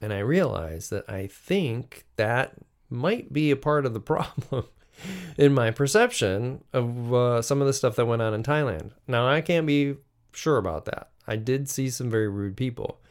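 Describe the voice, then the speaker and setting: A man's voice: mid-range voice, normal speed. A middle-aged man from the United States, hosting a podcast and musing aloud in a solo monologue, with frequent restarts. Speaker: podcast host.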